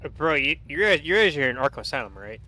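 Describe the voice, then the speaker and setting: A man's voice: on the high side, sing-song, very fast, bright, forceful tone. Chatty young guy streaming, sore throat. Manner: rambling and chatty, swears often. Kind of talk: casual gameplay commentary. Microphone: headset.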